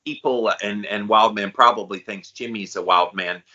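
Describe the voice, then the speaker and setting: A man with a lowish, bright voice chats candidly and casually as a podcast co-host. He talks in a relaxed, slangy way. The audio sounds muffled and lo-fi. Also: moderate pace. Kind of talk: casual conversational chat.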